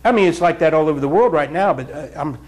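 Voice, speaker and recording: A man's voice: a little high, expressive, fast. A man preaching a fiery, blunt sermon in church, scolding the congregation. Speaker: pastor.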